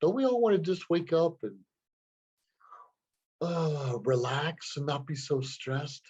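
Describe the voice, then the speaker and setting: Recorded lo-fi on a computer camera, this show host has a slightly high, darkish, somewhat rough voice and takes his time. Talking solo in a preachy, earnest way, he moralizes and repeats words as he gathers his thoughts.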